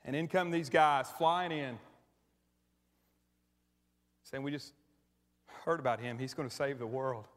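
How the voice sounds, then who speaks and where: A man's voice: medium pitch, unhurried, long pauses. A middle-aged man preaching a sermon as pastor, conversational and emotional, often restarting his sentences. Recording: church hall with long reverb.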